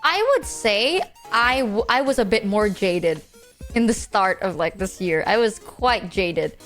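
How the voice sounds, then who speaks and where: A woman streamer telling stories in casual, slang-filled stream chat, animated and quick to jump between voices. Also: mid-range voice, soft background music.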